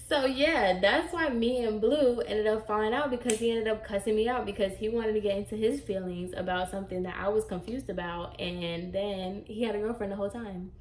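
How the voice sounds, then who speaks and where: A young woman vlogger telling a casual storytime, with an animated, sassy way of retelling and lots of fillers. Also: mid-range voice, moderate pace, slight background noise. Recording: echoey room.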